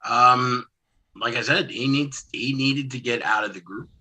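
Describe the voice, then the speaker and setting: A man who is a pro wrestler answering an interview question in a calm, measured way. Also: medium pitch.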